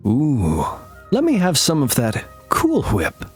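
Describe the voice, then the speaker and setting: A scheming cartoon baby boy, put on by a man, leaning hard on his words with a slow, lively, swooping delivery. He keeps pressing the point with sly insistence. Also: medium pitch, soft background music.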